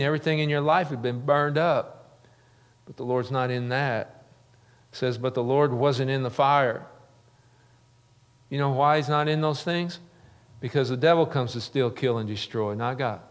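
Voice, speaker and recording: A man's voice: mid-range voice, clean tone. A middle-aged man preaching a sermon as a pastor, earnest, building emphasis with repeated phrases. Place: church sanctuary. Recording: long reverb of a large church hall.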